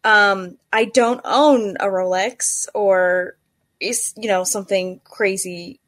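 A young woman chatting casually in a group, telling animated stories and acting out what people said. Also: slow. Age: young adult. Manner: animated storyteller, acts out quotes with rising pitch. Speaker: watch enthusiast guest.

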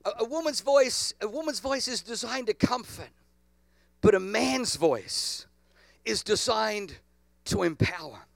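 A man's voice: high-pitched, animated, a little slow, creaky, dry recording. A man preaching a sermon to a congregation, calling out for responses from the crowd. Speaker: pastor.

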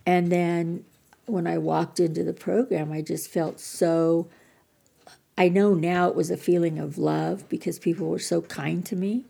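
Older lady w a really gravelly mellow voice, earnest, sharing her story on a podcast. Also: fairly low pitch, level tone, measured pace. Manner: earnest, candid, self-deprecating. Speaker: podcast guest. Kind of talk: personal recovery story.

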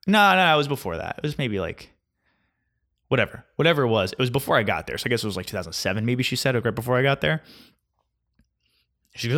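A man's voice: mid-range voice, fairly bright tone. A man in his twenties ranting casually about his weekend in a sarcastic, mocking way, with many fillers. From New Jersey. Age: 20s. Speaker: vlogger.

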